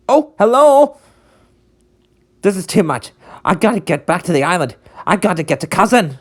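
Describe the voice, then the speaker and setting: A performer voicing a carefree, beach-loving young male conductor in a fan redub, with a laid-back, slangy delivery. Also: medium pitch.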